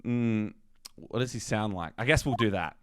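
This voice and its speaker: A man's voice: lowish voice, expressive, fairly quick, sharp tone, no echo, clean studio sound. A man streaming a video game, chatting and mumbling asides as he plays. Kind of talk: casual game playthrough, reading dialogue. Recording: game music behind the voice.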